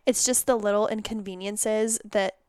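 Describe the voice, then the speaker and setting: A woman's voice: medium pitch, fairly even intonation, moderate pace, darkish tone, clean tone, no echo, clean studio sound. Congested woman rambling on her podcast. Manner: rambling, self-mocking, loses her train of thought. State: congested from a cold. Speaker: podcast host and holistic nutritionist. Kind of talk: casual solo podcast chat. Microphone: podcast microphone.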